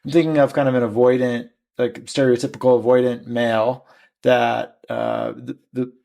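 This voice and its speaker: A man's voice: medium pitch, little pitch movement, moderate pace, creaky, mellow. A man hosting a conversational interview, asking questions hesitantly. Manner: hesitant, many fillers and restarts. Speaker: podcast host.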